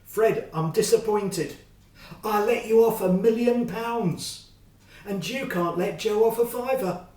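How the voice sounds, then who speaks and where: A man's voice: high voice, takes it slowly, a little mellow, far from the mic, voice pushed up. A man voicing a kindly, generous king in a children's story, heard in a roomy space. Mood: disappointed.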